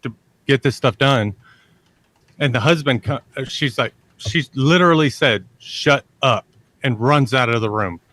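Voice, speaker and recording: As a podcast guest, a man with a mid-range, slightly bright voice tells a long personal story at normal speed, rambling, repeating himself and cursing freely. He lives near a large army base in Texas.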